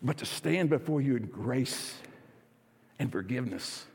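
Energetic pastor in a reverberant church. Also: male voice, medium pitch, a little slow, creaky, husky. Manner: energetic, leads congregation in call and response. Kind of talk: sermon. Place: church sanctuary.

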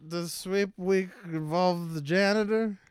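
A man's voice: high-pitched, takes it slowly, clear, resonant tone, no room sound. A man voicing a brash, mocking male game show host in an improvised comedy bit.

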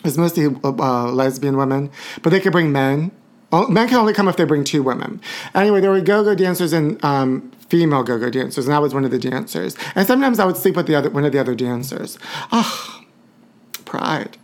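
A woman hosting a live-stream show in a campy gossip style, calling listeners honey and shrieking woo. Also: low voice. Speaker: host. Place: Los Angeles area.

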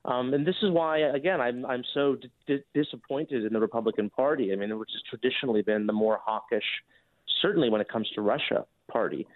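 A man appearing as a guest commentator on a radio show, earnest and measured, giving a critical view. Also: medium pitch, no echo. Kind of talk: phone-in interview. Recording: tinny phone line.

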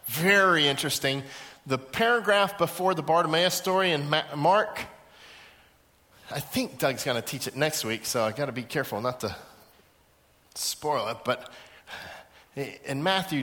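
Male preacher, bright and slightly high, lively storyteller who acts out quotes; echoey hall sound. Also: a little slow, pauses often. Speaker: pastor. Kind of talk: sermon. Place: large auditorium.

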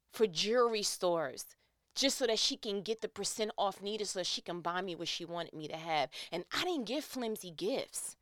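Woman vlogger, candid storyteller, smooth voice, dry close sound. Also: medium pitch, no echo. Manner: candid, conversational, expressive storytelling. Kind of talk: personal reflective monologue.

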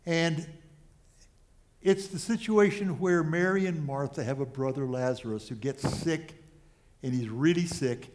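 Pastor, male, slightly high voice, slow earnest sermon delivery with halting restarts. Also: darkish tone. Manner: earnest, pausing often with small restarts.

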